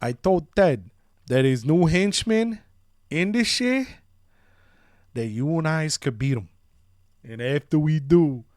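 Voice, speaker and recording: A man voicing an excitable, goofy young male wrestler who keeps tagging his sentences with "huh?". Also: a little high, dry recording, studio quality.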